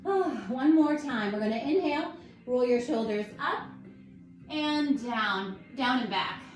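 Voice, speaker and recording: A woman guiding a yoga class at home, calm and encouraging as she talks listeners through each pose. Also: fairly high pitch, takes it slowly. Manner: calm, encouraging, gently instructive. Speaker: yoga instructor. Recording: echoey room with faint music.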